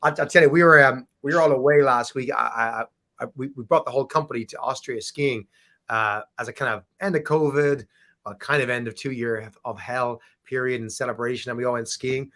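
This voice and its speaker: A man's voice: mid-range voice, steady tone, brisk, bright, forceful tone. Chatty Irish man on a podcast. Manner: chatty, laughing, restarts often. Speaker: podcast guest, recruiting company founder. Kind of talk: casual chat.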